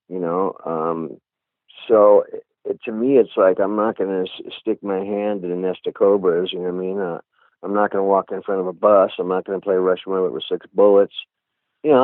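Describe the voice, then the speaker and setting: Heard through a tinny phone line, a middle-aged man with a deep voice and no room sound talks openly as an interview guest. He's a musician who rambles on, repeatedly falling back on "you know."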